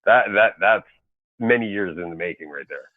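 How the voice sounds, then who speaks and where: A man's voice: deep voice, lively intonation, normal speed, dry recording. A man in a casual group chat, explaining show background matter-of-factly over a tinny line.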